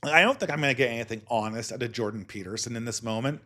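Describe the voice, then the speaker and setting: A man's voice: mid-range voice, fast talker, pushed and bright. A man hosting a solo podcast, giving sardonic, polemical commentary. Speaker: podcast host.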